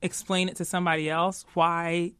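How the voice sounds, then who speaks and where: A woman's voice: fairly low pitch, little pitch movement, normal speed, fairly bright tone, clean tone, dry recording. A woman being interviewed, talking animatedly and laughing easily, peppering her talk with "you know". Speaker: guest, tech executive. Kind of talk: casual interview chat.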